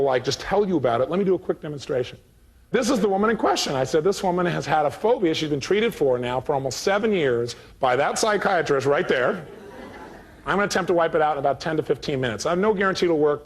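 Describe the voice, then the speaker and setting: A man giving a live motivational seminar, telling a story and acting out both sides of the dialogue with animated energy. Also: on the high side, slightly rough.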